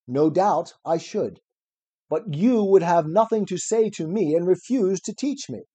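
Voicing an aged philosopher at his trial, this male reader has a high, mellow, slightly rough voice that is expressive, a little slow, and exaggerated. His reading of the classic dialogue is ironic and probing as he cross-examines.

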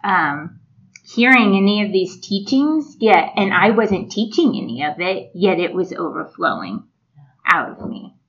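A woman telling a reflective story in a casual faith conversation, often with soft laughs. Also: mid-range voice, expressive, a little slow, slightly rough. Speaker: podcast co-host. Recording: muffled lo-fi audio.

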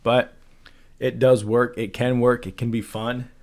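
A man's voice: mid-range voice, level tone, a little slow, darkish tone. A man hosting a casual solo podcast, speaking loosely with frequent fillers and rhetorical questions. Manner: loose and conversational, many fillers, rhetorical "right?". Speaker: podcast host. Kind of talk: casual solo talk on persuasion and parenting.

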